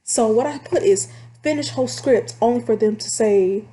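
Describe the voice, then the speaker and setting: A woman casually telling stories about her phone job to her viewers, chatty and animated. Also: fairly high pitch, normal speed, a little hiss or hum. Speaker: vlogger telling call-center stories. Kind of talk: casual storytelling to camera.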